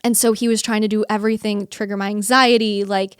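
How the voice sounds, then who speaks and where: A woman's voice: mid-range voice, fairly even intonation, fairly quick, few pauses, fairly bright tone, clean tone, no room sound, studio quality. A young woman as an interview guest, telling a personal story in an earnest, chatty way, often quoting her own thoughts and laughing.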